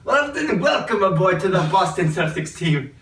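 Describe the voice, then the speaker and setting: A man's voice: sits high, big pitch swings, normal speed, fairly bright tone. Chatty man in an echoey room. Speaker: sketch host playing the agent. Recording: roomy echo, mic at a distance.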